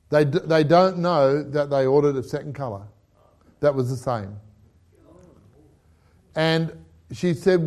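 A middle-aged Australian man preaching a testimony, telling a story with acted-out dialogue and laughter. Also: a little high. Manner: animated storyteller who acts out dialogue and laughs.

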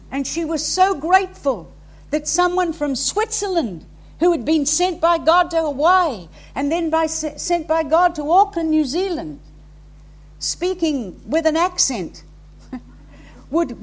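A woman's voice: very high voice, lively intonation, slow pace. A woman preacher delivering an impassioned sermon to a congregation, rising to emphatic peaks. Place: hall with a congregation.

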